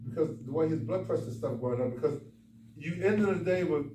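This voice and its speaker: A man, a doctor, giving a folksy, animated talk at a men's conference, speaking straight to the audience. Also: a little high, fairly quick. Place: conference room. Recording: echoey hall, far from the mic, faint noise.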